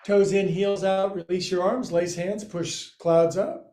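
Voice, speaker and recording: A man's voice: high-pitched, steady tone, measured pace, dark tone. A man teaching a livestreamed yoga class, counting and cueing moves with playful jokes. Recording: roomy, echoey room.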